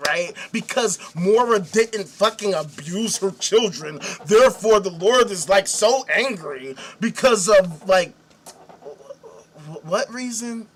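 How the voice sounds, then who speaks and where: A man's voice: sits high, slow, slight background noise. A man hosting a podcast, reading a news article aloud and swearing his way through sarcastic commentary on it. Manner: animated, sarcastic, swears heavily. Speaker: podcast host.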